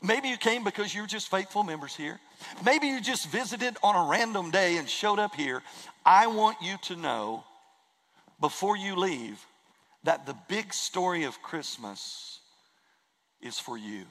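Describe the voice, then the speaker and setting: A man preaching in a church, with an earnest, emphatic delivery that leans on repeated phrases. His voice sits a little high for a man and trails off into a long hall reverb. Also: expressive, a little slow, a bit bright. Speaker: pastor. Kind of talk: sermon. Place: church sanctuary.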